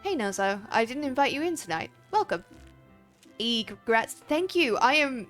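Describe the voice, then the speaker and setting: A woman's voice: a little high, very animated, moderate pace, fairly bright tone, soft background music. Chatty woman livestreaming a game. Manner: chatty, laughs often, swears freely. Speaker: streamer. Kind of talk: casual livestream chat.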